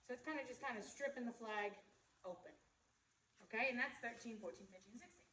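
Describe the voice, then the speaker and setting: A woman with a high, bright-pitched voice coaches flag choreography, counting out beats and pausing to ask "okay?" and "right?" while she demonstrates. She stands away from the mic in an echoey practice space with a faint hum of room ambience behind her. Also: recorded from a distance. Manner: demonstrating moves while talking. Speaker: color guard instructor.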